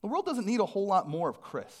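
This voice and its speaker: A man preaching from the pulpit, telling a personal story with self-deprecating humor. His voice sits a little high and swings widely in pitch, lively and animated throughout. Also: quick pace. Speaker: pastor.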